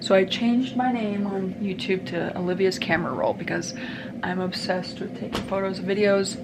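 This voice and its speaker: A woman's voice: medium pitch, steady tone, moderate pace. A young woman chatting casually while doing her hair for a get-ready-with-me vlog. She rambles, loses her train of thought and jumps between topics. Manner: rambling, scattered, easily sidetracked. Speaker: vlogger. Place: family room at home, indoors. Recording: audible background noise.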